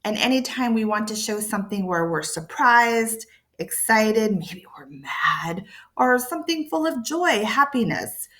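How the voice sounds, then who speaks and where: A woman with a slightly high, fairly bright, animated voice teaches English to learners on camera at an unhurried pace. She explains patiently, repeating key points and using playful emphasis and sound words.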